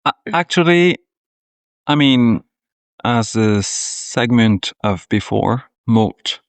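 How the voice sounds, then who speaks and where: A man whose first language is French speaks English with a Quebec French accent, hesitant and searching for words. He is a farmer cohosting a gardening podcast. His pitch is mid and the sound is dry. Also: animated, takes it slowly, dry recording. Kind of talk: casual chat.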